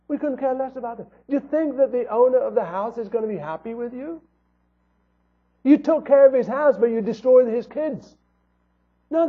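A man's voice: high-pitched, husky. A man preaching a sermon in an earnest tone, asking rhetorical questions. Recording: tinny phone-like audio.

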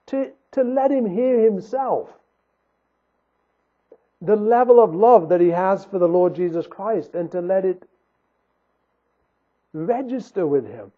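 A man's voice: high voice, slightly rough. A man preaching a sermon in an earnest, emphatic way, repeating his key phrases for weight. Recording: tinny phone-like recording.

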